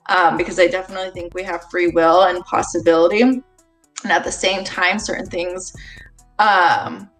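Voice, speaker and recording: Easygoing woman with a lower voice. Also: fairly even intonation, normal speed, a bit bright, soft background music, low-quality recording. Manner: easygoing, explaining with many "like" and "um" fillers. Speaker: guest, tarot reader. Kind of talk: casual chat.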